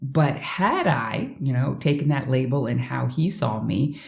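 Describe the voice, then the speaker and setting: A woman with a strikingly deep, low voice tells a personal story in a vlog. She is chatty and conversational, and often turns to the viewer with quick asides. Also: expressive, creaky, darkish tone. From United States. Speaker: life coach.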